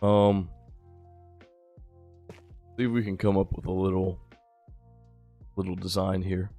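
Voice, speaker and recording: A tired young man giving relaxed, rambling live-stream commentary while he plays, chatting with his viewers. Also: sits low, slow, soft background music. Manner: laid-back, rambling, chats with viewers. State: a little tired. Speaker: gaming streamer.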